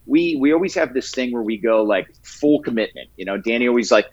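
Relaxed, halting man on a muffled line. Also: mid-range voice. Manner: halting, many restarts and fillers, laughs easily. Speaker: guest, prank video creator. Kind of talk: casual interview chat.

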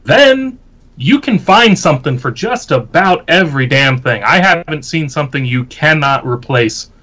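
Man from the Southern US, bright tense voice, blunt, swears. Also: fairly high pitch, animated, moderate pace, poor audio. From Southern United States. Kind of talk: casual debate chat.

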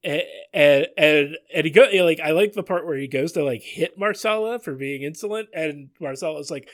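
A man's voice: on the high side, normal speed, hardly any pauses, fairly bright tone. A man co-hosting a podcast, recapping a cartoon episode in casual chat, with lots of fillers, restarts and chuckles. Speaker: podcast co-host.

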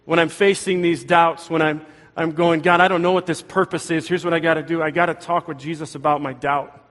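A man's voice: a little high, level tone, brisk, a bit bright, big-room sound. A man preaching a sermon as pastor, earnest and conversational, speaking in a church sanctuary.

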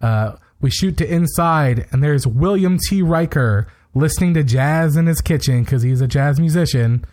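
A man's voice: fairly high pitch, moderate pace, hardly any pauses, darkish tone. A man co-hosting a podcast, casually recapping a TV episode and retelling scenes with quoted lines and plenty of fillers. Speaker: podcast co-host.

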